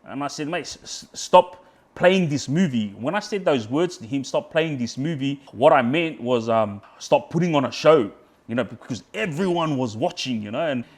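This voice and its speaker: Australian guy, mid pitch, conversational guest, rambles and repeats words. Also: lively intonation, normal speed. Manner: rambling, repeats words and restarts, quotes himself. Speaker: podcast guest. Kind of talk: casual storytelling.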